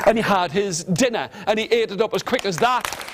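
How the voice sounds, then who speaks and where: Animated high-voiced male storyteller. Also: brisk, background noise. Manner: animated, rhythmic repetition, coaxing the audience. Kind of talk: interactive storytelling to children.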